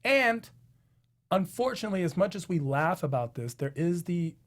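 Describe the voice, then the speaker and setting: A man jokes his way through a casual panel chat. His voice sits a little higher than most, and he leans into animated, playful commentary. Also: moderate pace. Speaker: comedian panelist.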